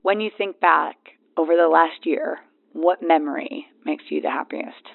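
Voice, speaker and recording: A woman podcast host asks a plain, direct interview question. Her voice is a little gravelly and comes through a dry, narrow, phone-like channel. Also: sits low, normal speed, no echo.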